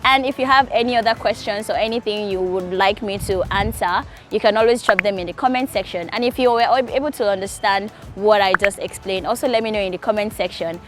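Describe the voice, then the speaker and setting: A young woman from Nigeria teaching Korean grammar in a casual, patient way, repeating key points slowly. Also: medium pitch, soft background music. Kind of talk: casual explanatory lesson.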